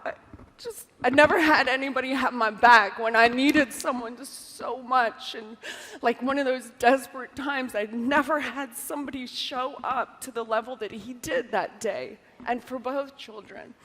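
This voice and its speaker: Woman, 40s, live speaker at an event; high bright voice, unhurried and earnest delivery, long hall reverb. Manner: earnest, laughing often, many "like" fillers. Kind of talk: personal storytelling to an audience. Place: large event hall with audience.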